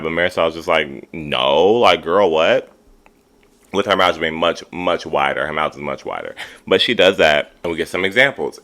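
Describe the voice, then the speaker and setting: A man recapping a reality TV episode in a chatty, sassy way, quoting the cast in animated voices. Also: sits low. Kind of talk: casual recap commentary.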